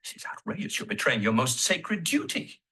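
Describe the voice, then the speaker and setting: Stern victorian husband, breathy, sharp, indignant, commanding. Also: male voice, mid-range voice, very animated, a little fast, full character voice. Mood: outraged. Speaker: actor in a filmed play.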